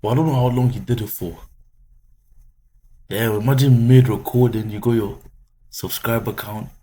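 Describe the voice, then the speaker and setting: A man's voice: medium pitch, steady tone, normal speed, warm tone, breathy edge. A man casually reacting to a video, slangy and laid-back, with swearing.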